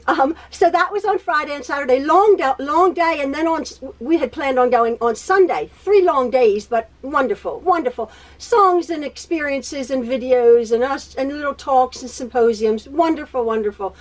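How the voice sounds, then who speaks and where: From her home sewing room, a woman hosts a quilting tutorial, her high voice moving at a moderate pace with hardly any pauses. She rambles through a chatty personal catch-up, laughing often, repeating herself and stuttering.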